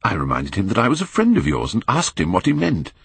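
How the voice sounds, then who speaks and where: A man voicing an earnest Victorian painter, grave and pleading in a deep voice. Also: wildly swooping pitch, fast talker, vocal fry, breathy edge, no echo, exaggerated voice. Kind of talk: audiobook character reading.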